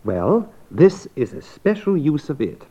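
Measured man teaching English. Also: on the high side, sing-song, mellow. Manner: measured, explanatory. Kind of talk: scripted language lesson. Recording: dull lo-fi old lesson recording.

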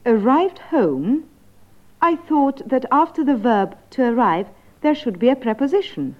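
Curious student, high and lively. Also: female voice, measured pace. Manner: inquisitive. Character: curious female language student. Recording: dull lo-fi tape.

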